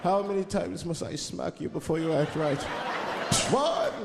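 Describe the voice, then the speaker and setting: A man's voice: a little high, gravelly, background noise. A man doing a menacing caped vampire pimp. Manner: slow, threatening, counting. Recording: roomy hall with crowd laughing.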